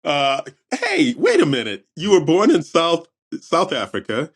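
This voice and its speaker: A man's voice: a little high, huge pitch swings, measured pace, vocal fry, slightly rough. Laughing, enthusiastic male podcast host. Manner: enthusiastic, laughs often, chatty asides. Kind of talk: casual podcast interview.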